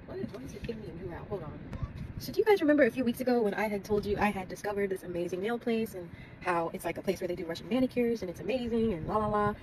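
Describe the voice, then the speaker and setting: A young woman telling a story in a casual vlog while she drives, chatty and growing more frustrated as she goes. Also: mid-range voice. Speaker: vlogger. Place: in a car while driving. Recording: faint road noise from a moving car.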